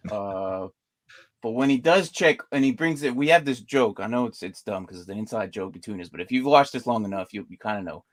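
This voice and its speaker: A man co-hosting a casual sports chat, telling stories in an animated way. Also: fairly low pitch, fairly quick. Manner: animated storyteller with a lively voice. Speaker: co-host.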